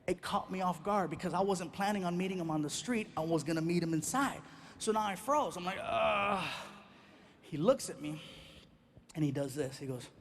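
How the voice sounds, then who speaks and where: A male stand-up comedian tells a long personal story and acts out each exchange. His voice sits notably high for a man. There is faint noise in the background. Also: a little fast. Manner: animated, acts out every exchange.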